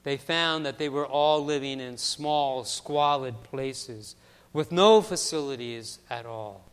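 A man preaching a sermon as pastor, telling a story that swings from hushed passages to loud, emphatic ones. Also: mid-range voice, slow pace, clear, resonant tone, in a large hall.

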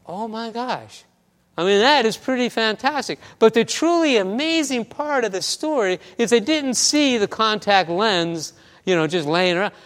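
Male pastor preaching, keeps stumbling on "and, and", smooth clear voice, big echoey church. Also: high-pitched, lively intonation, normal speed, fairly bright tone. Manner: storytelling with many restarts and stammers. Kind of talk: sermon.

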